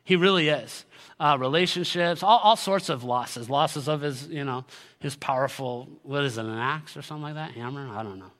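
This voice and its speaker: Bright-voiced man preaching in a hall. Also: on the high side, normal speed. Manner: earnest, direct, rising to emphatic peaks. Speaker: pastor. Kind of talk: sermon. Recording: long hall reverb.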